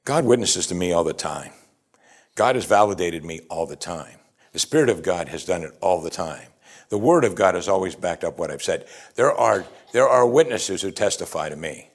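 A man preaching a sermon, emphatic and animated, asking his listeners rhetorical questions. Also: sits low, moderate pace. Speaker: pastor.

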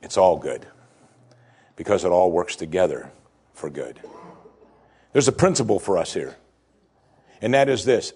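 Gravelly husky guy preaching, super animated storytelling, repeats his big lines. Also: sits low, unhurried, long pauses. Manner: dramatic storytelling, swinging from hushed to excited; repeats key lines for emphasis. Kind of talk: sermon.

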